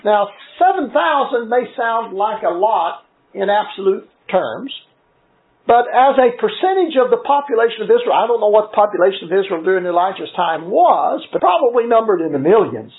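High-voiced preacher on a tinny line. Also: male voice, lively intonation. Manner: measured, earnest teaching with frequent scripture citations. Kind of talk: sermon. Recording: tinny phone-like recording.

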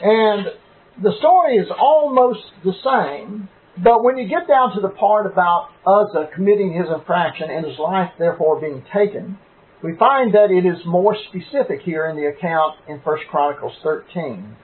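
A man preaching a Bible lesson, reading verses aloud and stressing key words with deliberate emphasis. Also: sits high, lively intonation. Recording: tinny phone-like sound.

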